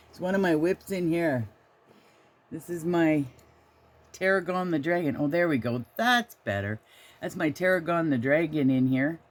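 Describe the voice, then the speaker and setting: This knitting podcast host, an older woman, has a very deep, darkish voice. Recording her vlog on a handheld camera in a small trailer, she rambles casually and sometimes turns to talk affectionately to her dog.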